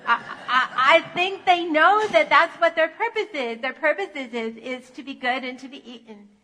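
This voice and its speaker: A woman voicing a kindly male baker who speaks gently and hesitantly. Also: high-pitched, moderate pace, a little hiss or hum, pitched above the performer's own voice. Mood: gentle. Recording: echoey church sanctuary.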